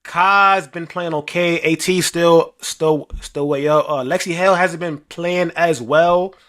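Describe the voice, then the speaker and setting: Young New man, podcast co-host, high and bright, animated trash-talker. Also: unhurried. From New York. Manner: animated, rambling, heavy slang and filler, trash-talking. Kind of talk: casual sports chat.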